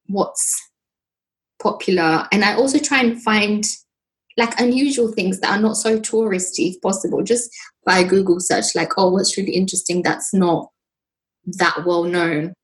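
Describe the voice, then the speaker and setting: A British woman being interviewed, talking in a relaxed, chatty way. She tells her stories with plenty of ums and likes, her voice sitting in a mid range. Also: medium pitch, rough recording. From Britain. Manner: chatty, lively storytelling with frequent fillers. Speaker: guest. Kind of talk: casual conversation.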